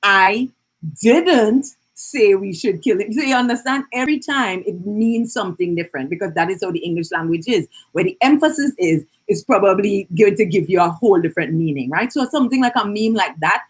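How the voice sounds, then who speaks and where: A woman's voice: mid-range voice, lively intonation, quick pace, hardly any pauses, slightly rough. A woman hosting a live stream. She teaches in a chatty way, greets viewers and keeps checking in with "right?". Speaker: business coach hosting an Instagram live.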